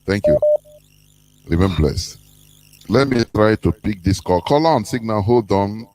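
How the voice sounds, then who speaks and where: A man hosting a radio call-in show, handling callers with brief, calm prompts. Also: on the low side, measured pace. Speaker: radio host.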